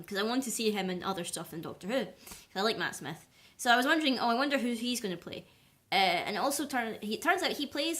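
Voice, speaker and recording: A woman's voice: mid-range voice, a bit bright. Chatty woman rambling through a film review. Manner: chatty, rambling, heavy use of "like" and "or whatever".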